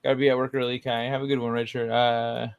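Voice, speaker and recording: A man co-hosting a casual stream chat, relaxed and trailing off with fillers. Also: mid-range voice, quick pace, over a noisy crowd.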